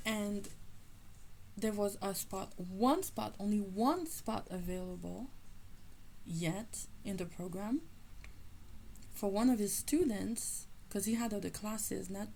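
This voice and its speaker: A woman telling a personal faith testimony in an animated storytelling manner, often acting out the people in her story. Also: medium pitch, slow pace, creaky, pauses often, a little hiss or hum, poor audio. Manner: animated, acts out quoted people. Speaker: faith teacher sharing a testimony.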